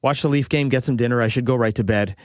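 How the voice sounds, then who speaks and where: A man in his forties, co-hosting a podcast and telling a long anecdote in a relaxed, chatty way, acting out the dialogue as he goes. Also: mid-range voice, quick pace, no room sound, studio quality. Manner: lively storyteller acting out quoted dialogue. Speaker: podcast co-host. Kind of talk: casual anecdotal storytelling.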